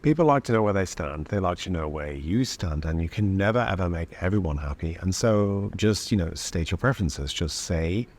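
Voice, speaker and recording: Brit guy w a bit of german twang, real deep low voice, calm scripted narration, straight to the point. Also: normal speed, hardly any pauses. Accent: British with a slight German twang. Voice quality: deep, radio-like voice. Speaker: video narrator.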